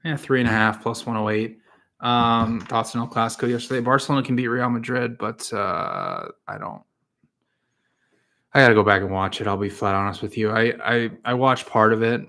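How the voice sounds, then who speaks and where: Man, casual solo podcast host, rambling, lots of fillers, mid-range pitch. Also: expressive, moderate pace, bright, forceful tone. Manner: rambling, frequent fillers and restarts. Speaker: podcast host and soccer analyst.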